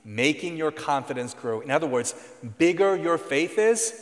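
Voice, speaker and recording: A man's voice: fairly high pitch, expressive, normal speed. Earnest male preacher in a reverberant hall. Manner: earnest teaching tone with emphatic stresses. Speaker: pastor. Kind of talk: sermon.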